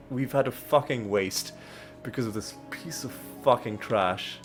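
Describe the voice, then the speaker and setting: A man hosting a let's play talks at an unhurried, drawn-out pace, with a pitch in the middle of the male range. He rants and swears in frustration and stumbles over restarts as he comments on the game. Faint game music plays behind him. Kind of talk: gameplay commentary.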